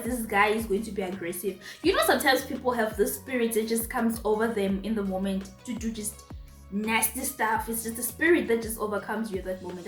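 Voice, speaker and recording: A young Zimbabwean woman telling a storytime vlog casually, with animated, emphatic repetitions. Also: medium pitch. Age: young adult. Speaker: vlogger. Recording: roomy echo, faint music.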